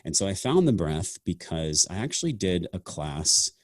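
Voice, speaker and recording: A man's voice: sits low, sing-song, normal speed, no room sound, studio quality. A man hosting a podcast, speaking in a reflective, earnest and casual way, often saying "man" and "like". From half Sicilian family heritage. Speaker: podcast host. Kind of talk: casual conversation.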